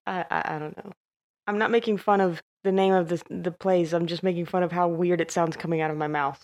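A woman's voice: fairly low pitch, a little mellow. Playful woman podcast host. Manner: playful, self-mocking. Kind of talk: scripted podcast outro and blooper chat.

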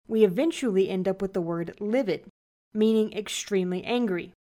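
A woman's voice: medium pitch, a little mellow. A woman hosting a podcast, reading scripted narration about the origin of an idiom. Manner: laughing at her own flubbed words in outtakes. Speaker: podcast host.

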